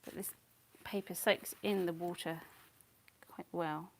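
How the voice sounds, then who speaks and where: A middle-aged woman chats while she paints, rambling and drifting off into soft whispers. Her voice sits at an ordinary pitch with a gravelly edge. Faint hiss and small clicks sit behind her. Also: fairly even intonation, measured pace. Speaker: painting channel host. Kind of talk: casual chat while painting.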